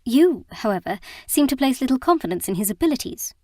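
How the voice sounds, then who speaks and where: A woman's voice: high voice, very animated, brisk, darkish tone, no room sound, clean studio sound, pitched above the performer's own voice. A woman reading the part of a proper young wife in an audiobook, in a prim, earnest manner.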